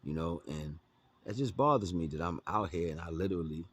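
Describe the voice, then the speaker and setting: A man's voice: sits low, lively intonation, fairly quick, slightly rough. A man telling a story to his viewers in a blunt, profane, emphatic way, with lots of asides to the listener. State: homeless, talking about his day. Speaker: vlogger. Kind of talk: casual storytelling monologue.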